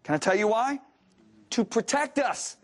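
A middle-aged man preaching a sermon, telling a personal story and asking rhetorical questions, moving from emphatic to soft and low. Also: lively intonation, unhurried.

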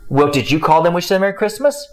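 This man's voice is high, expressive and fast. Preaching a conversational sermon, he is emphatic and repetitive, often breaking off with a rhetorical "hello?" and chuckling as he talks.

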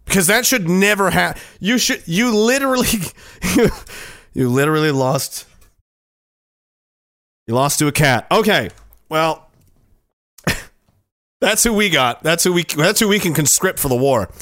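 A man's voice: high-pitched, lively intonation, unhurried, long pauses, fairly bright tone, no room sound, studio quality. A man hosting a casual commentary show, talking in a sarcastic, profane way into a headset mic.

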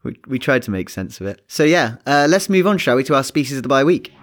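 Relaxed man chatting about science. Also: medium pitch, fast. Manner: relaxed, thinking aloud with restarts and fillers. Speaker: podcast co-host. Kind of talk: casual science chat.

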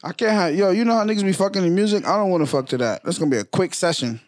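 High-voiced joking man. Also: racing. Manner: loud, joking, swears freely. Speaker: podcast co-host. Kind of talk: crude casual banter.

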